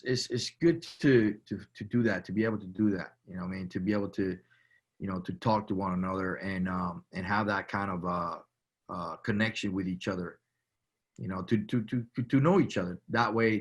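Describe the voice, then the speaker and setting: A man from Cuba, a veteran guest, talking in a halting, casual way full of restarts and "you know". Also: sits low, fairly even intonation, breathy edge. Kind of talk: casual conversation.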